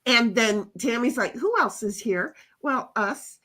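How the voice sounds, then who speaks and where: Chatty woman co-host with a fairly high voice, jokes around and drawls out viewer comments. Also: measured pace, bright, forceful tone. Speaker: co-host of a chat livestream. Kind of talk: casual chat reading out viewer comments. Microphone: desk mic.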